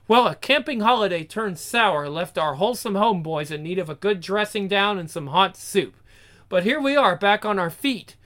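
A reader reading an absurd comic aloud, playful and deadpan. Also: medium pitch.

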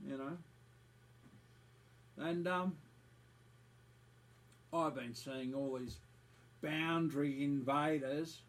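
A man's voice: a little high, steady tone, drawn-out words, pauses often, rough recording. A man, delivering an angry, profane monologue that keeps circling back to the same points with open scorn.

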